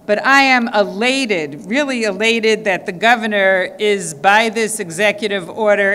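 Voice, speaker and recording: A woman's voice: mid-range voice, sharp tone, smooth. A woman senate president giving an emphatic, formal speech at a press conference. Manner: emphatic, stresses key words. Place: government press event room. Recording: reverberant hall.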